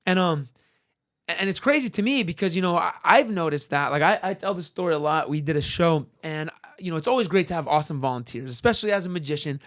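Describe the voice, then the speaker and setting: A man's voice: a little high, expressive, fast talker, fairly bright tone. A man, a magician and guest, telling a personal story in an earnest, casual way, with many "like" and "um" fillers.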